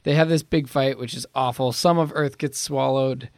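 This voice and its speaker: A man's voice: mid-range voice, steady tone, moderate pace, darkish tone, no room sound, studio quality. A man co-hosting a podcast, giving a wry, joking recap of a movie in casual chat. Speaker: podcast co-host.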